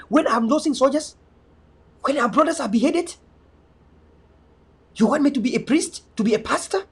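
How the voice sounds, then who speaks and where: Husky man, fervent activist rant. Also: extremely high pitch, animated, a little fast. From Cameroon, North West (Bui). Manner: fervent, repetitive, emphatic, stammering restarts. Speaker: activist and online media host. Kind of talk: impassioned political monologue.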